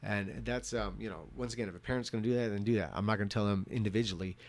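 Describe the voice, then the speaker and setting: A man's voice: lowish voice, steady tone, rapid-fire. A man in his thirties giving a drunken, rambling rant as a vlogger, swearing and restarting his sentences often. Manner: profane, rambling, many restarts.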